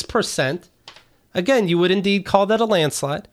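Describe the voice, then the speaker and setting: A man hosting a comedy podcast, talking loudly and jokily in casual banter. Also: sits high, moderate pace. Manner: loud, jokey, slips into voices. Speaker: podcast host.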